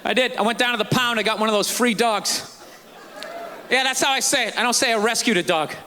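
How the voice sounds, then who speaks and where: High-pitched man doing sarcastic stand-up. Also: brisk. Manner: sarcastic ranting, shouting punchlines. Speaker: stand-up comedian. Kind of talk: stand-up comedy routine. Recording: live stage recording with audience and noise.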